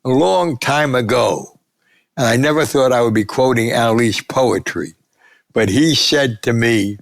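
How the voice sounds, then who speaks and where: Older guy w a gravelly voice, telling old fight stories, acts out the quotes. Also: medium pitch, a little slow, dry recording, clean studio sound. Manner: animated anecdotes, acting out quotes. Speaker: sportswriter guest. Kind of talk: storytelling interview.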